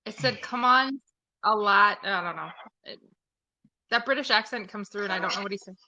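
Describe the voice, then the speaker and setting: Bright-voiced woman hosting a seance. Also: medium pitch, brisk, dry recording, lo-fi sound. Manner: hushed, puzzling over faint messages. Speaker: host. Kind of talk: live-stream spirit box seance.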